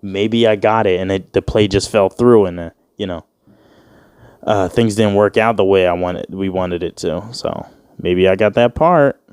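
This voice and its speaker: A man in his twenties hosts a casual solo podcast, rambling, joking, swearing plenty and acting out quoted voices. His deep, clear voice has a darkish, resonant tone at normal speed. The studio recording is clean, with no room sound.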